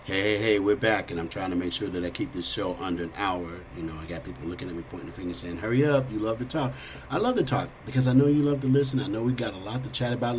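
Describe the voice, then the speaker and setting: A man's voice: mid-range voice, a little mellow, poor audio. A middle-aged man hosting a political talk show, blunt and rambling in a conversational way. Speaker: host. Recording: faint background noise.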